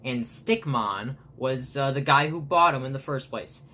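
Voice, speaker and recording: A man with a raspy voice casually walking through an old comic he made, rambling with lots of fillers and restarts. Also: medium pitch, unhurried, pushed and bright. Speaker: comic artist and vlogger. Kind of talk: casual show-and-tell.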